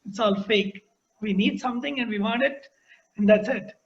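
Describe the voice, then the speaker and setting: High-voiced man on a dull lo-fi line. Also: moderate pace. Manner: reflective, earnest. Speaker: interview host. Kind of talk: conversational interview. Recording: dull lo-fi sound.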